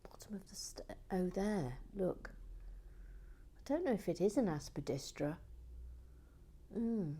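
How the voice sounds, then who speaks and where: A woman chats casually as she builds, taking her time over every word in a lowish voice. She is playful and teasing, and often slips into soft whispered asides. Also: big pitch swings, unhurried, long pauses, husky. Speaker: LEGO building vlogger. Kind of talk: casual chat while building and reading comments.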